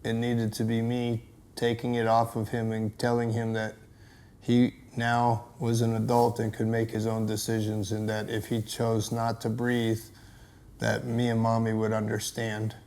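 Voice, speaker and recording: Measured man in his sixties. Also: lowish voice, completely flat delivery, a little mellow. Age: 60s. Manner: measured and reflective, with hesitant pauses. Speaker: stepfather interviewed in a documentary. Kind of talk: documentary interview.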